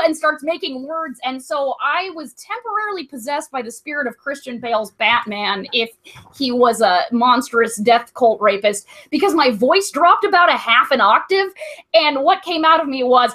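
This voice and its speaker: Rambling bright-voiced woman podcaster. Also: high voice, lively intonation, normal speed. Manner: rambling, full of likes and ums. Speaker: comedy podcast co-host. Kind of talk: casual storytelling chat.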